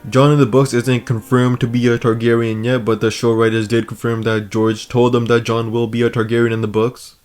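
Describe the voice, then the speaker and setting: Hoarse male video-essay host, flat delivery, casual and joking, faint music under him. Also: mid-range voice, fairly quick, hardly any pauses. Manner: casual, joking, crude asides. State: hoarse, losing his voice. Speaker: YouTube host.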